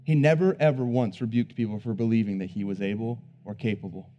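A man preaching a sermon who swings between hushed, low emphasis and loud, emphatic bursts, repeating words as he builds each point. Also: quick pace, dull audio.

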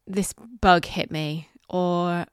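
A middle-aged woman hosting a solo podcast, talking candidly and reflectively, halting with fillers and the odd swear word. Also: on the low side, level tone, clear, resonant tone, no room sound, studio quality. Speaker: podcast host. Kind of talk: casual solo podcast monologue.

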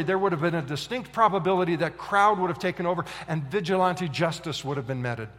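A male pastor preaching with dramatic storytelling, his somewhat high voice rising to excited peaks and dropping to hushed intensity. The sound carries the long reverb of a large church hall. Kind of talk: sermon.

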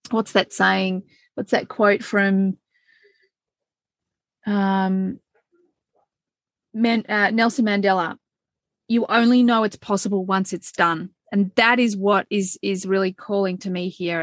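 Woman, excitable and effusive, casual chat, dry close mic. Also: medium pitch, no room sound. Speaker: tarot reader guest.

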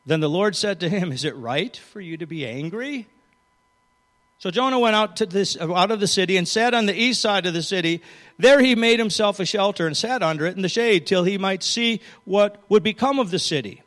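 A man with a high voice preaches a sermon. He retells a scripture story and reads its verses aloud, shifting his emphasis as he goes. His voice rings with the long reverb of a large hall. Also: brisk, a bit bright.

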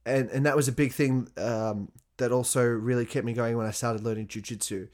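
A man's voice: medium pitch, steady tone, fairly quick, darkish tone. A young adult man talking in a casual monologue, swearing often and laughing as he speaks.

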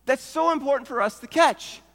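A man delivers a sermon in an unusually high, bright voice. He speaks slowly, leaning on rhetorical questions and repeated lines for emphasis. His words hang in the long reverb of a church sanctuary. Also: creaky. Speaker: pastor.

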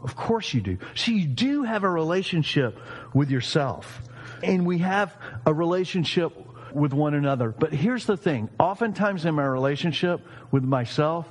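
A man in his fifties preaching a sermon, animated and jokey, acting out quoted voices. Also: a little high, normal speed, slightly rough, big-room sound. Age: 50s. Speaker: pastor.

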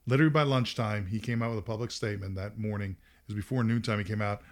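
A man's voice: fairly low pitch, fairly even intonation, fast talker, hardly any pauses. A middle-aged man hosting a podcast, telling a story in casual talk, laughing often and acting out quotes. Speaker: podcast host.

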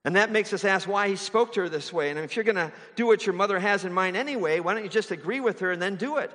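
A man's voice: high voice, fast talker, a bit bright. A man giving a conversational sermon, asking his listeners rhetorical questions as he explains a passage. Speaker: preacher. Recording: long hall reverb.

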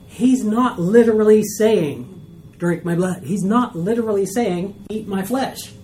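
A woman teaching a Bible study class to a group, animated and acting out skeptical listeners' reactions. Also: mid-range voice, measured pace, slight background noise. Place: room with a group.

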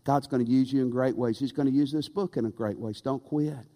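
A man preaching plays an elderly former pastor, a gentle father who reassures his son, speaking a bit lower and softer than his own voice. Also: animated, normal speed. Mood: reassuring. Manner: reassuring, earnest.

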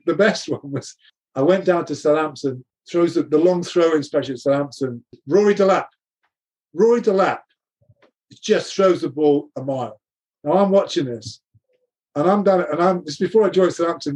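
This middle-aged man, a guest, shares lively anecdotes about his years as a coach, frequently laughing and acting out the lines he recalls. He speaks a bit fast in a somewhat high, slightly mellow voice with a breathy edge.

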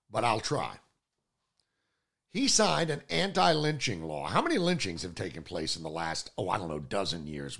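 A man hosting a political talk show, delivering combative, sarcastic commentary that swings between loud outbursts and low mutters. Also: gravelly.

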